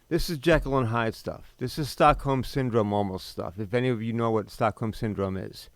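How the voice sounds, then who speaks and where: A man's voice: medium pitch, no echo. Blunt, bitter middle-aged man. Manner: blunt, bitter, emphatic with sudden pauses. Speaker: podcast host. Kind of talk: personal storytelling monologue.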